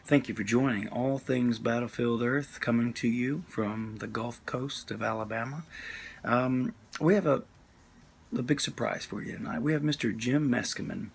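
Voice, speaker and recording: A man's voice: mid-range voice, moderate pace, gravelly, soft background music. A man as podcast host, earnestly introducing his guest with many fillers. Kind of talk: scripted show introduction.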